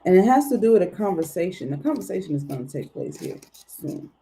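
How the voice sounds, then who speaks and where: A woman's voice: lowish voice, very animated, quick pace, vocal fry, dark tone, a little hiss or hum, rough recording. A woman putting on a put-on accent as a lofty, old-fashioned oracle during a livestream tarot reading, speaking in archaic, formal phrases.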